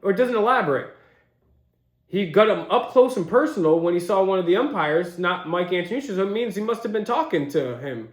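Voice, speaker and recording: A man's voice: sits high, lively intonation, brisk. Slangy young man, roomy echo. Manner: slangy, incredulous, laughing asides. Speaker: commentary host. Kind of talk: casual commentary.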